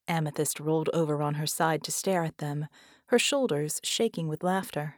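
A woman narrating an audiobook in a measured way, at times dropping into a whisper. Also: low-pitched, expressive, a little mellow, dry recording, clean studio sound. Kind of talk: scripted narration.

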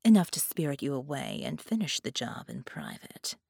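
A woman voicing a menacing shapeshifting female villain who speaks low and sighs her words, sometimes sinking into a whisper. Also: wildly swooping pitch, moderate pace, gravelly, darkish tone, husky, no echo, studio quality, exaggerated voice. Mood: gloating. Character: menacing shapeshifting female abductor, purring and gloating.

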